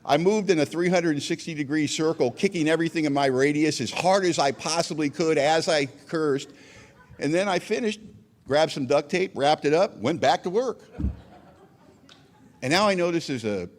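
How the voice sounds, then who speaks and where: A man sharing his recovery story at a meeting, self-mocking and acting out scenes, swinging between loud outbursts and quiet reflection. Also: on the high side, normal speed, long reverb tail. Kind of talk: animated storytelling talk.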